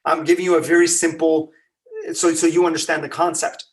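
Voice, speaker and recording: A man delivers a lively, conversational religious talk, often throwing rhetorical questions at the room. His voice sits on the higher side for a man. He sounds a little off-mic, as if standing back from it. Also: a little fast, far from the mic. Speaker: religious lecturer. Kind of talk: Ramadan lecture.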